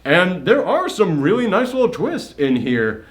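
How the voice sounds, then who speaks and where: Young male co-host, excitable, profane, fairly high voice, casual review banter. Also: a little slow. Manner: excitable, swears freely, acts out quotes. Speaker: co-host of a movie review show. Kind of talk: casual movie review chat.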